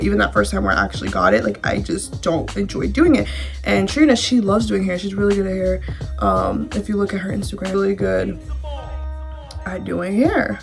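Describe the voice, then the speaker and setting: A young woman talks candidly to the camera, chatting through a personal story with plenty of fillers and the odd swear word. Her mid-pitched voice has a gravelly fry, and soft instrumental music plays faintly behind her. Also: very animated, brisk. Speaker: vlogger.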